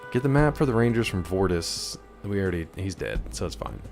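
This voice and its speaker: A man's voice: sits low, huge pitch swings, a little fast, vocal fry, a little mellow, soft background music. A young man chatting casually on a live stream, answering chat and hopping between topics while he plays. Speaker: game streamer.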